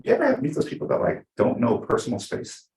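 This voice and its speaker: At a team meeting, a man trains real estate agents live in a meeting room with a small audience. He talks fast and energetically, acting out his examples, and the recording has an echoey room sound.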